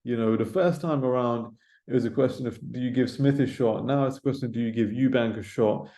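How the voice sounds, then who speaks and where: Solo male pundit, casual and profane, mellow voice, echoey room without a mic. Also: medium pitch, a little fast. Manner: rambling, swearing, lots of filler tags. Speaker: boxing pundit. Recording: roomy echo, no mic.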